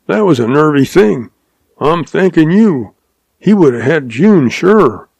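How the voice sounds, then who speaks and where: A man's voice: on the high side, animated, a little slow, gravelly, a little mellow, husky, dry recording, voice pushed up, exaggerated voice. A man voicing an old, folksy western man with a drawl, grateful and worried. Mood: grateful, uneasy.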